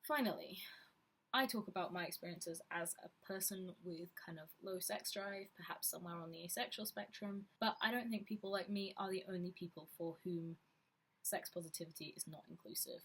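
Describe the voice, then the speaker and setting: A woman's voice: fairly low pitch, fairly quick, fairly bright tone, slightly rough. A woman talking frankly and reflectively to camera in a personal vlog. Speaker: vlogger. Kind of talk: candid personal vlog talk.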